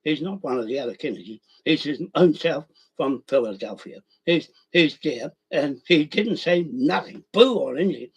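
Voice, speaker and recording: A man's voice: on the high side, lively intonation, moderate pace, few pauses, slightly rough. A man in a rambling, angry monologue, swearing and calling out listeners directly. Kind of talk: ranting monologue.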